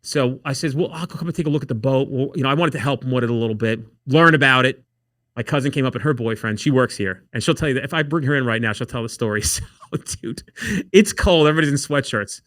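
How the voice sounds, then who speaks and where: Medium in pitch and quick in delivery, this guest comes through a dry, clean studio recording. He casually tells wild stories on the podcast, swearing often and dramatizing what others said.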